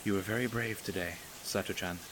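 A man reading aloud and voicing a young princess, a steady older sister who speaks softly and comfortingly. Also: low-pitched, brisk, background noise, natural voice. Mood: gently comforting. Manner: soft, comforting, coaxing.

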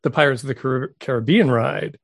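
A man's voice: mid-range voice, brisk, creaky, no echo, studio quality. A man from Saskatchewan co-hosting a comedy podcast, playing the wry straight man. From Saskatchewan, Canada. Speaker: podcast co-host. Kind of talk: comedic banter.

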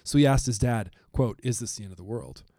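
A man co-hosting a casual podcast, joking with his co-host and reading quotes aloud at a slow pace. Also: medium pitch, mellow, dry recording, studio quality. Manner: reads quotes aloud slowly, jokey. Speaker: podcast co-host, biblical studies teacher.

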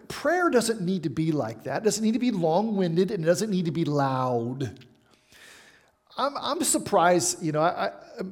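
A middle-aged man preaching a sermon as a pastor, chatty and animated, with frequent asides and questions to the congregation. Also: on the high side.

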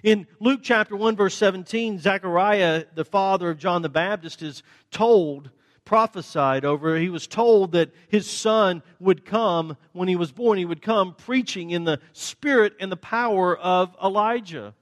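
High-voiced pastor preaching in a hall. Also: male voice, a little slow. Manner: dramatic shifts between loud questions and hushed answers; acts out the questioners and the answers. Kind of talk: sermon.

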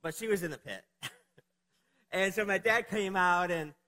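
A man's voice: sits high, normal speed, pushed and bright, long reverb tail, poor audio. A middle-aged man preaching a sermon, opening with a childhood story, in a conversational, rambling way with many fillers. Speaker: pastor.

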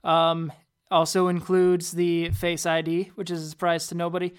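A woman's voice: fairly low pitch, completely flat delivery, moderate pace, clean tone. A woman co-hosting a podcast in casual tech chat, hesitant and often repeating words as she starts a sentence. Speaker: podcast co-host.

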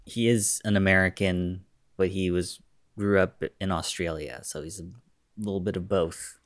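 A man with a deep, low voice chimes in on a casual film podcast. He offers brief agreement and bits of trivia. The sound is dry and close to the mic. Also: fairly even intonation, moderate pace, no room sound.

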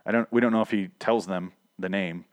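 A man hosting a casual solo podcast, rambling excitedly with stammering restarts and swearing freely as his voice starts to go hoarse. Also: low voice, brisk, no echo, studio quality. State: voice going hoarse. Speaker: podcast host.

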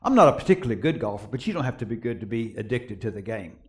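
Animated pastor. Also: male voice, mid-range voice, very fast. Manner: animated, rising to excited peaks in stories. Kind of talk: sermon with storytelling.

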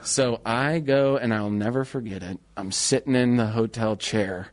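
A young man co-hosting a radio show, telling a story in a casual, animated way. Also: mid-range voice, normal speed. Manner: animated, acts out voices in his stories.

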